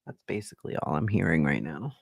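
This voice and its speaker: A man's voice: sits low, expressive, quick pace, vocal fry, breathy edge, no room sound, clean studio sound. A man from Boston in a casual, profane reaction chat, often laughing and mocking what he watches. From Boston, USA. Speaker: streamer reacting to a debate.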